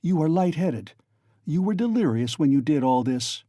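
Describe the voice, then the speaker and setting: A man's voice: fairly high pitch, sing-song, normal speed, warm tone, no echo, studio quality. A man putting on Porphyry, a sly coaxing magistrate. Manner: coaxing, insinuating, mock-friendly. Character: sly, genial male magistrate, probing and teasing.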